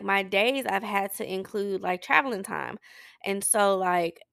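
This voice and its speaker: A woman's voice: medium pitch, gravelly, pushed and bright, no echo, studio quality. A woman hosting a podcast, talking candidly about her week in a personal check-in, rambling with restarts and tearful. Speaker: podcast host. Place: Saint Louis.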